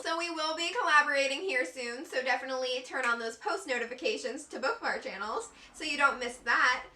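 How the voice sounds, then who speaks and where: High bright-voiced gushing woman vlogger. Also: far from the mic, slight background noise. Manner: gushing, effusive, giggly. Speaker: beauty vlogger. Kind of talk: excited unboxing vlog. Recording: echoey room, a bit off-mic.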